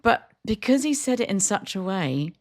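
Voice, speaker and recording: A woman's voice: medium pitch, big pitch swings, moderate pace. A woman co-hosting a café podcast, telling stories in a casual chat and laughing often. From Britain. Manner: storytelling with frequent laughter. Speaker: podcast co-host.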